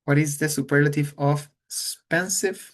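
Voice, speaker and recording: A man's voice: a little high, fairly even intonation, normal speed. A man, a Spanish speaker teaching English, talking patiently and repeating words to model how they sound. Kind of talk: online English class.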